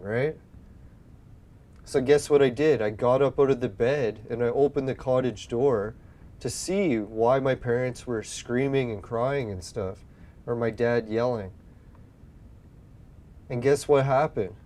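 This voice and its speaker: A man's voice: mid-range voice, a little slow, long pauses, dark tone. A young man telling a long childhood story in casual chat while playing a game, rambling and swearing as he acts out his own past words. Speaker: gaming video host.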